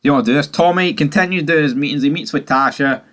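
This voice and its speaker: A man giving a casual spoken recap of a TV season, ranting animatedly and swearing a lot. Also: fast talker. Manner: animated, sweary ranting with sudden jumps in pitch. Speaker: TV review host.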